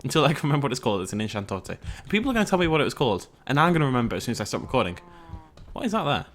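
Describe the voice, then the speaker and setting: A man talks his way through a video game in a relaxed, rambling let's-play style, joking at his own expense and chatting to his viewers. His pitch bounces around a lot, swooping up and down as he goes. His voice sits in the middle of the usual range for a man. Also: very fast. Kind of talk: casual gameplay commentary.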